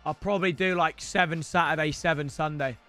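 A young man streaming a football game, loud and excitable, breaking into shouts. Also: a little high, a little fast, loud music behind the voice. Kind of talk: excitable gaming livestream.

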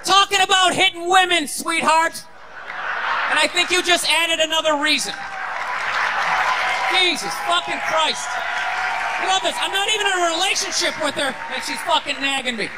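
A man's voice: very high-pitched, moderate pace, long pauses, over a noisy crowd, heavy background noise. A man performing a stand-up comedy set, ranting and sarcastic, swearing often. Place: comedy stage before a live audience.

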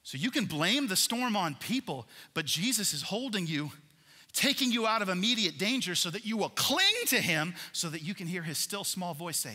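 A man preaching a sermon as a pastor, animated, swinging between loud emphasis and hushed passages. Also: high-pitched, normal speed, slightly rough, big-room sound.

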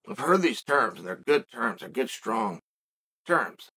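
A man's voice: medium pitch, big pitch swings, unhurried, sharp tone, husky. A middle-aged man hosting a podcast, delivering a reflective commentary monologue full of rhetorical questions and restarts. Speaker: podcast host.

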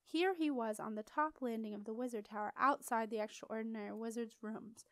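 A woman reading a children's storybook aloud with expressive, lively storytelling. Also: fairly high pitch, brisk, no room sound. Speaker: audiobook reader. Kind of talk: storybook narration.

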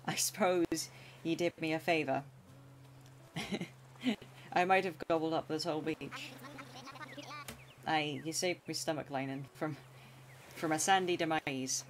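A woman's voice: low voice, slow pace, bright, forceful tone, a little hiss or hum, heavily acted. A woman streamer voicing a bumbling, boastful male seagull pirate with a hammy pirate accent, reading game dialogue aloud.

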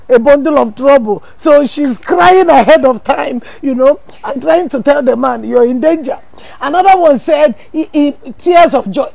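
High, gravelly woman preaching. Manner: preaching with rhetorical questions and sudden shouted emphasis. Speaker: pastor. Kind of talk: sermon.

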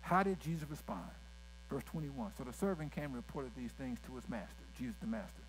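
A man's voice: mid-range voice, animated, fairly quick, slight background noise, low-quality recording. A male pastor, preaching a sermon with folksy asides and direct questions to the congregation.

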